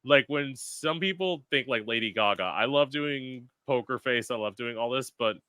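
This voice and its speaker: A male podcast host chatting casually, telling animated stories and swearing freely. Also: medium pitch, moderate pace, smooth, dry recording. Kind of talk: casual chat.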